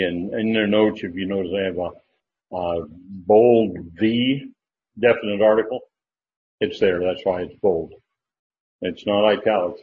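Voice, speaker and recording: A man teaching a Bible study lesson in a casual, thinking-aloud way, checking his sources as he goes. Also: lowish voice. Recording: dull lo-fi recording with faint noise.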